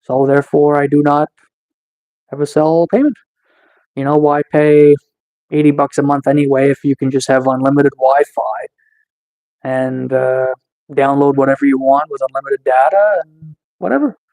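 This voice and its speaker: A man's voice: mid-range voice, fairly even intonation, moderate pace, a little mellow. A man live-streaming in a casual chat, teasing and taunting the trolls in his chat with sarcastic mock-tough boasts.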